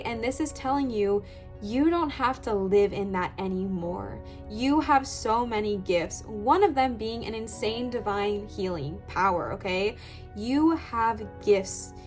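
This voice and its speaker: Emotional young woman giving a tarot reading. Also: on the high side. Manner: earnest, emphatic, emotional and affirming, repeating phrases. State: close to tears. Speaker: tarot reader. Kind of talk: pick-a-card tarot reading.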